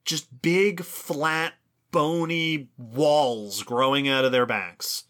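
A man co-hosting an educational podcast, explaining in an enthusiastic, lively way. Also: fairly high pitch, extremely slow. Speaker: podcast co-host. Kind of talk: educational casual chat.

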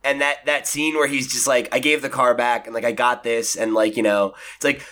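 Bright-voiced man hosting a casual podcast. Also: mid-range voice, a little fast. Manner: relaxed, hesitant, lots of fillers. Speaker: podcast host.

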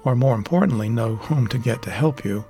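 A man's voice: medium pitch, brisk, creaky, dark tone, soft background music, close to an everyday voice. A man reading an audiobook voices a sly old hermit who talks down to a younger man in a taunting, condescending way.

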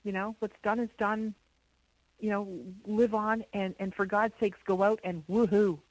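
A middle-aged woman from Canada, a guest in an interview, telling a story in an animated way with many repeated words. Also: medium pitch, measured pace, no room sound, rough recording. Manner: animated, repeats words, imitates owl hoots.

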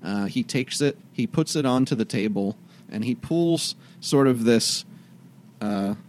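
A man's voice: medium pitch, animated, unhurried, a little mellow, a little hiss or hum. Man narrating a tabletop game. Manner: descriptive, hesitant with fillers. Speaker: game master.

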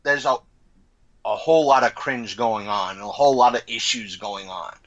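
A man co-hosting a podcast in casual chat, animated and often acting out quoted lines. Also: mid-range voice, normal speed, muffled recording. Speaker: podcast co-host.

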